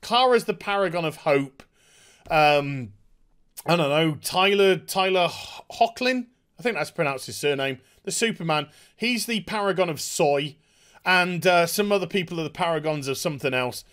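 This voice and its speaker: Male review host, high-pitched, scornful, rambling recap. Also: lively intonation, moderate pace, fairly bright tone, clean tone. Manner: mocking, exasperated, with hesitant fillers. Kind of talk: sarcastic episode recap.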